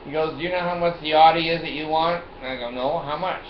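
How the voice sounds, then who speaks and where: A man's voice: a little high, fairly even intonation, fast, reverberant, lo-fi sound, slight background noise. An older man hosting his own show, telling a rambling, bawdy, boastful story and laughing often. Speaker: show host.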